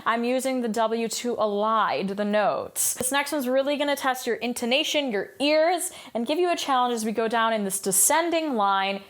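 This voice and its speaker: A woman's voice: on the high side, normal speed, hardly any pauses. A woman vocal coach giving a singing lesson, explaining exercises in an upbeat way and demonstrating them by singing scales.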